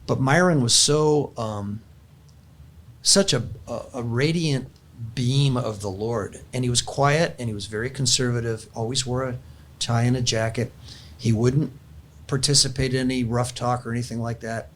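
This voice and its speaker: A man's voice: medium pitch, normal speed, slight background noise. A man, older in years, earnestly sharing a personal faith story in casual chat, with frequent restarts. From California.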